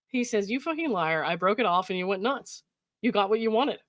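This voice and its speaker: A woman hosts, reading text messages aloud with casual commentary, laughing often and tossing in exasperated asides. Her voice is a little high, expressive and a bit bright, with a brisk pace and no room sound. She gives the quoted texts mock emphasis and fills her talk with plenty of likes and ums.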